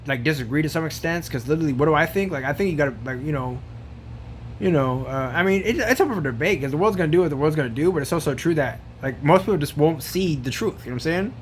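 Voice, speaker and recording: A man's voice: a little high, slight background noise. A man ranting casually to camera, rambling and profane, full of slang and fillers. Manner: rambling, profane, slangy, says bro a lot. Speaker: vlogger.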